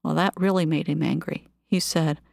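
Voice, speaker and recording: A woman calmly reading her own memoir of work as a nurse, with measured, even storytelling. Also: deep voice, vocal fry, no echo, studio quality.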